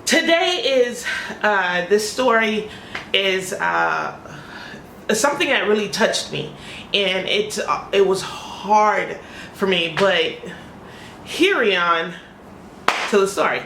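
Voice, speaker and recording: A woman's voice: medium pitch, slow, vocal fry, long pauses, slight background noise, poor audio. A woman in her thirties telling an emotional personal story to her vlog audience, acting out what people said. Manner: emotional, animated, acts out quoted voices. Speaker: vlogger.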